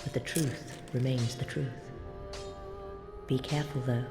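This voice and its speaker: An actress playing a mysterious woman sorcerer in a video game, who speaks in a measured, secretive way. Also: a bass voice, steady tone. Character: mysterious woman sorcerer, dark-arts teacher. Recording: game audio, echoey with music.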